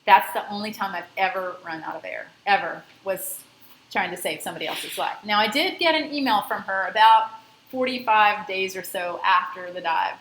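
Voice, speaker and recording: A woman's voice: mid-range voice, normal speed, fairly bright tone, echoey room, a little hiss or hum, rough recording. A woman scuba instructor lecturing a class, telling a personal story in a conversational way and stressing safety. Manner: conversational, emphatic about safety.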